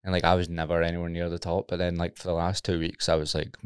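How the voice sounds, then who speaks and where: A man's voice: deep voice, monotone, quick pace, smooth, dry recording, clean studio sound. A Scottish man hosting a podcast, telling stories in a laid-back, casual way. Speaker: podcast host.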